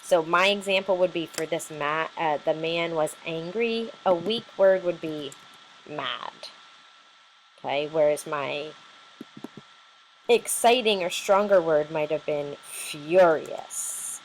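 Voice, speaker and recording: A woman's voice: sits low, slow pace, a little hiss or hum, low-quality recording. A woman teacher giving a recorded lesson, explaining patiently step by step with many fillers.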